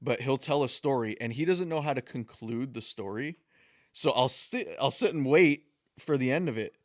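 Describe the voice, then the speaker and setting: A man's voice: medium pitch, moderate pace, dry recording, studio quality. A young man co-hosting a podcast, telling stories in crude, casual banter and laughing often. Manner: storytelling, laughs often, swears a lot. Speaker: podcast co-host.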